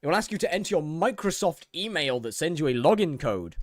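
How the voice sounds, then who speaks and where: A man's voice: on the high side, sing-song, fairly quick, dry recording, clean studio sound. A young man streaming a game, reading in-game text aloud, laughing often and reacting with mock outrage. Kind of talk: casual gaming commentary.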